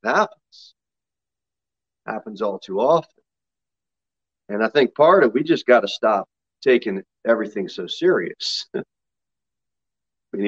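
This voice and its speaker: Male pastor, lively pitch swings, folksy sermon delivery, muffled lo-fi recording. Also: slightly rough. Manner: folksy, laughing asides between scripture readings.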